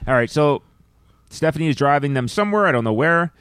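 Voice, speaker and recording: A man's voice: fairly high pitch, expressive, fast, fairly bright tone, clear, resonant tone, no echo. A man co-hosting a podcast, recapping a movie plot in long stretches with dry asides. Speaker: podcast co-host recapping a film. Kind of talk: casual chat.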